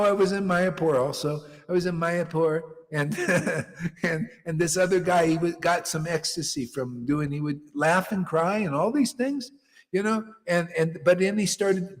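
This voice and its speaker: A man's voice: on the high side, in a large hall. A man, a spiritual teacher, telling stories in a dramatic, scolding and mocking way. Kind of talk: animated storytelling talk.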